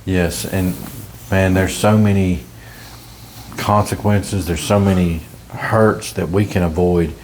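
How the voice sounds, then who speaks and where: A man's voice: sits low, steady tone, takes it slowly, a little mellow, slight background noise. A man in his thirties hosting a casual faith conversation, earnest and encouraging, laughing easily. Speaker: ministry podcast host.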